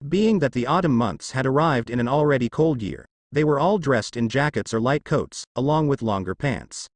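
A man narrating a fan fiction story with expressive delivery. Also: mid-range voice, normal speed, no echo.

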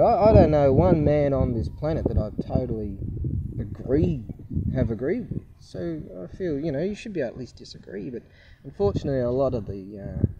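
Rambling middle-aged man, muffled distant recording. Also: medium pitch. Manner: rambling, chuckles often, many fillers and restarts. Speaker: channel host. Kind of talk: casual rambling vlog chat. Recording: muffled, distant, loud background noise.

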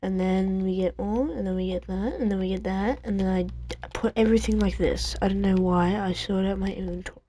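A woman's voice: mid-range voice, steady tone, fairly quick, warm tone. A woman giving casual, rambling commentary while playing a video game at home, talking to herself with lots of fillers. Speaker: gameplay video creator. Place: home on a busy street. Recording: street traffic noise behind. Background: passing trucks.

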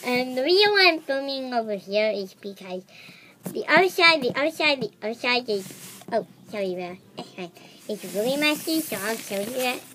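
A woman voicing a bubbly toy-pet girl host who rambles on in a high, lively voice. She talks at an easy pace, with faint outdoor sound around her. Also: normal speed, slight background noise. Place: backyard outdoors.

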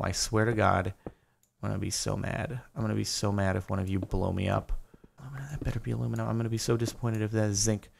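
Young dude gaming commentary, kinda creaky voice, rambly and then freaking out. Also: male voice, fairly low pitch. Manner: chatty, jumps to panicked yelling. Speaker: gaming YouTuber. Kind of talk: live Minecraft commentary.

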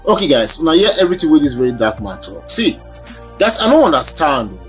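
Nigerian male co-host, higher animated voice, argumentative and emphatic. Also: fast, soft background music. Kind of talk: talk show commentary.

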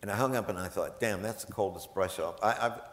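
A man, a professor, telling animated, self-deprecating anecdotes to a live audience and laughing often. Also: deep voice, fast talker, reverberant. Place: large event hall.

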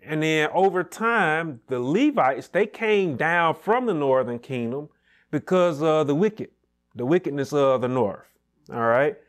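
A man teaching a Sunday school Bible lesson, measured and repetitive, checking in with "right?" as he explains. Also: on the high side, animated. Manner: measured, repeats key points, asks "right?".

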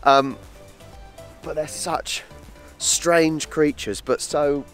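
Man, travel vlogger, excitable, chatty, outdoors, faint music behind. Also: on the high side, extremely slow. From England. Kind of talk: casual travel vlog chat. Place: outdoor wildlife park.

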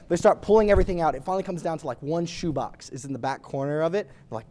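A man's voice: sits high, fast, hardly any pauses. A man co-hosting a podcast, telling a story in casual chat and acting out the people in it. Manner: animated, acts out voices in his story. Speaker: podcast co-host.

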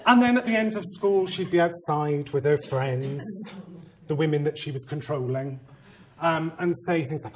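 A man who is a head teacher, giving a conference talk and telling a story with humor and animated, self-mocking asides. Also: fairly high pitch, normal speed, noisy background.

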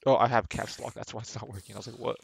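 Streaming a game live from home on a desk microphone, this young man talks fast in a casual ramble to himself and chat, frequently starting sentences over. His voice is on the low side with fairly even intonation and vocal fry; game music plays beneath, with a little hiss or hum.

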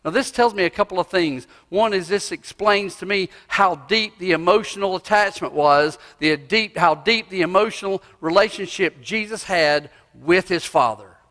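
A male pastor preaching a sermon in a church, swinging from loud cries to hushed asides. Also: high voice, normal speed, hardly any pauses. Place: church sanctuary. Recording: long reverb of a church hall.

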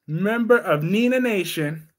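A young man hosting a casual soap opera live stream, chatting and laughing as he reads viewer comments in a slangy, animated way. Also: high voice, unhurried. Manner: animated, laughing, slangy, reacts loudly to chat.

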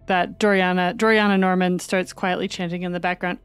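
A woman's voice: lowish voice, level tone, brisk, clean tone, no echo, faint music behind. A woman playfully describing her character's actions in a tabletop game. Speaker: player.

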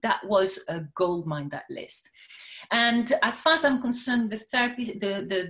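A woman coaching salon owners in a webinar. Her delivery is energetic and emphatic, and she often doubles up words and phrases to drive a point home. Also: mid-range voice. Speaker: spa and salon business coach. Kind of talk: webinar presentation.

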